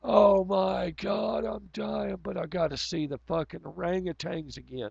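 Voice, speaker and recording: A man voicing an overheated zoo visitor who whines melodramatically and swears, in a high, strained, gravelly voice. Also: fairly even intonation, measured pace, a little mellow, dry recording, exaggerated voice. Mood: whiny. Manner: profane, melodramatic whining. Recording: dull lo-fi audio.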